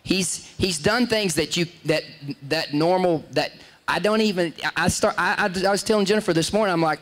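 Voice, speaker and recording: A man's voice: high-pitched, a little fast, a bit bright. Rambling man telling stories. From Texas. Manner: rambling, self-interrupting, laughs at own stories. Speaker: show host. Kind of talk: casual storytelling.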